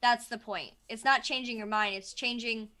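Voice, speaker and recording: Woman, therapist, bright voice, higher pitch, animated. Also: moderate pace. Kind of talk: casual discussion.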